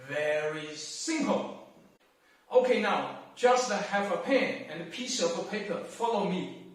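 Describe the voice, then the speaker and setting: Slow, echoey man teaching. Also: sits high, lively intonation, far from the mic. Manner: careful, deliberate, drawn-out syllables in demonstrations. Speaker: language teacher. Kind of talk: slow explanatory lesson. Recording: very echoey room, off-mic.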